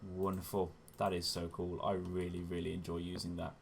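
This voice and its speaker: A man's voice: low-pitched, completely flat delivery, moderate pace, vocal fry, very noisy. A man hosting a gaming channel, giving chatty step-by-step gameplay commentary and often correcting himself as he goes. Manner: chatty, self-correcting, often says "wonderful".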